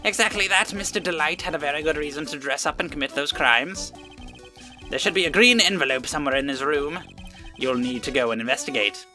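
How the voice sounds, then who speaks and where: A man's voice: on the high side, lively intonation, brisk, bright, forceful tone, faint music behind. A man voicing a boastful, pompous adult male detective who calls himself the finest ace detective. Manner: pompous, grandiose.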